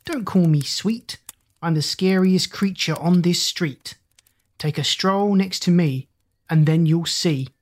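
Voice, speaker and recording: A storybook narrator voicing a boastful ten-year-old boy in a raised, quick voice. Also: mid-range voice. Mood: cocky.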